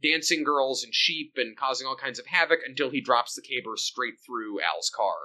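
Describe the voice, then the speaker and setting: Bright-voiced man recapping with jokes. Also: medium pitch, normal speed, poor audio. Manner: joking, rambling episode summaries with filler. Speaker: podcast co-host. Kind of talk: casual recap chat.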